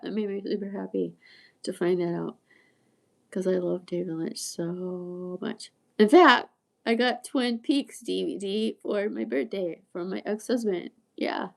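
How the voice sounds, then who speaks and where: A woman in her sixties with a gravelly, mellow voice chats loosely to her livestream viewers. She drifts from tangent to tangent and laughs often as she goes. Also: mid-range voice. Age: 60s. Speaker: livestream host. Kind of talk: rambling livestream chat.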